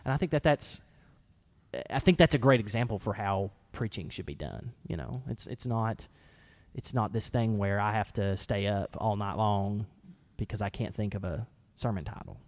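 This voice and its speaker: A man co-hosting a casual discussion, talking animatedly and acting out quoted lines with lively shifts in voice. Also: fairly low pitch, moderate pace.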